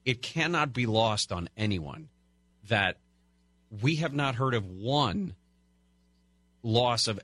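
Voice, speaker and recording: A man's voice: medium pitch, animated, slow, pauses often, fairly bright tone, no room sound. A man co-hosting a talk radio show, chatting conversationally with fillers and restarts. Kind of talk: casual talk radio chat.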